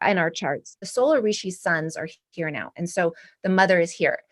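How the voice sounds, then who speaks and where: A woman's voice: fairly low pitch, moderate pace. A woman in her forties, a guest artist, talking in an earnest, rambling way with many restarts. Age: 40s. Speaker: guest artist and art professor. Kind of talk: spiritual casual interview.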